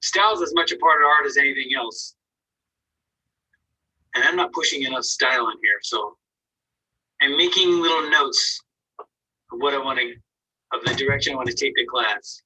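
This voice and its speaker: Bright, husky-voiced painting teacher, off-mic. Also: male voice, medium pitch, moderate pace, pauses often, recorded from a distance, rough recording. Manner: encouraging, informal, thinks aloud. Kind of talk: casual critique in an online art class. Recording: voice from away from the mic.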